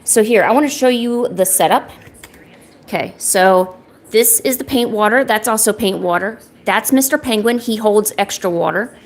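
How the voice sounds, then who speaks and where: A young woman with a mid-range voice streams while drawing, chatting at a moderate pace. Her talk rambles, and she jokes at her own expense.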